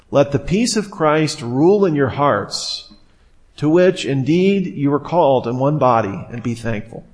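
A man teaching in a casual, conversational way, sometimes acting out what people might say. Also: mid-range voice. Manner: conversational, animated, acts out quoted speech. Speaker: Bible teacher. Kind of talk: informal teaching talk.

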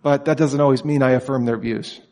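A man's voice: mid-range voice, fairly even intonation, a little fast, a little mellow, in a large hall. A man teaching at a summer institute, lecturing students in an emphatic way and asking many rhetorical questions.

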